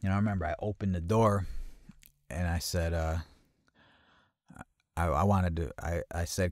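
A podcast host with a very low, deep voice tells a personal first-person story in a loose, conversational way, swearing often. He keeps a steady tone at normal speed with long pauses, stumbling back over his words with frequent restarts and repetitions, and gets louder and higher at tense moments. The recording is close and dry, with no room around it.

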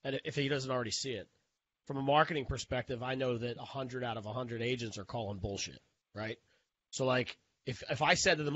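A blunt co-host who swears freely and rambles through his question, stumbling over restarts. His pitch is ordinary for a man. A faint hiss sits under his dull, lo-fi sound. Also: fairly quick, a bit bright. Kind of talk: casual podcast chat.

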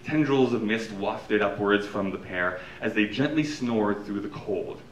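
Low-voiced man hosting a live show. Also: unhurried, highs cut off, slight background noise. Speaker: show host and storyteller. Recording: echoey room from far off.

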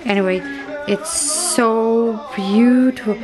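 Slow, gushing woman with a higher voice. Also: over music. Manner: gushing, delighted exclamations; slow, soft, searching for words. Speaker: vlogger opening happy mail. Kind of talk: casual unboxing chat.

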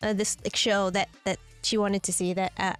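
A woman's voice: medium pitch, level tone, moderate pace, clean tone, faint music behind. A young woman co-hosting an anime reaction show, chatty and agreeable, often laughing along. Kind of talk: casual chat.

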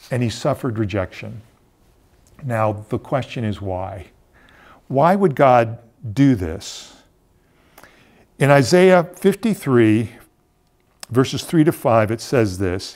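A man preaching a sermon as pastor, stressing lines hard and then dropping low. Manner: emphatic, repeats words, swings between loud stresses and quiet drops.

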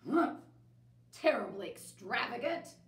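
A woman voicing a grumpy, pompous male bear who talks loudly and haughtily. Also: high-pitched, expressive, a little slow, echoey room, voice pushed up. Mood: indignant. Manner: loud, blustering, haughty.

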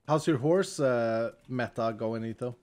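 A man's voice: mid-range voice, unhurried, darkish tone. A man from Sweden with a Swedish accent, chatting casually and laughing often while he plays a game over voice chat. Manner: laughs often, playful and teasing. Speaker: streamer and host.

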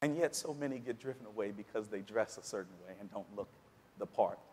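A man preaching a sermon, climbing dramatically toward near shouts at his points of emphasis. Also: on the low side, fairly quick, in a large hall, slight background noise. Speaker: pastor. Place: church sanctuary.

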